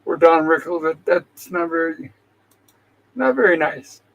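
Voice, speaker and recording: A man's voice: on the high side, lively intonation, measured pace, vocal fry, low-quality recording. A man hosting a casual show, retelling an episode's scenes in an easygoing way and reading characters' lines aloud. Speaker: host.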